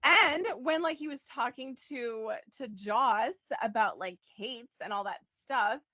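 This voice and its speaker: Her voice is on the high side and a little slow, with no echo in the recording. She's a podcast co-host in a chatty soap opera recap, frequently laughing and quoting characters.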